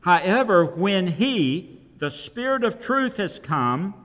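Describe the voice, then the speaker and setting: Male pastor, sermon delivery, slow emphatic pacing, expressive pitch, recorded with long hall reverb. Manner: slow, emphatic preaching with scripture quotes. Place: church sanctuary.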